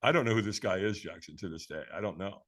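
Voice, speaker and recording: A man guesting on a podcast, telling a personal story in a lively, dramatic way and laughing as he goes, with a casual manner. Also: deep voice, fast talker. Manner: casual, addresses the host as man and brother.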